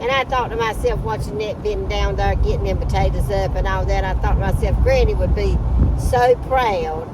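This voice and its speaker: A woman's voice: mid-range voice, normal speed. A middle-aged woman from North Carolina with a Southern accent, chatting as a vlog co-host, first outdoors and then in a car, with folksy storytelling and frequent laughs. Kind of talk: casual chat. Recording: loud outdoor and car noise.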